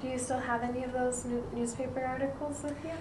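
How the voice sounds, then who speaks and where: A young woman interviewing as a student, asking brief, polite questions softly. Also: sits high, level tone, fast talker. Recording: roomy, distant mic with faint noise.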